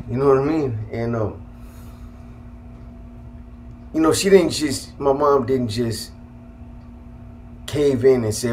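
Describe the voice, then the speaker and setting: A man telling a personal story in casual, profane speech, halting and restarting often. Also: mid-range voice, a little mellow, slight background noise. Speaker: guest telling his life story.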